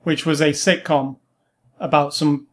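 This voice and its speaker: A man's voice: a little high, level tone, unhurried. A man in his forties chatting casually about a movie, rambling and opinionated, explaining references as he goes. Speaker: film discussion co-host. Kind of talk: casual film review chat.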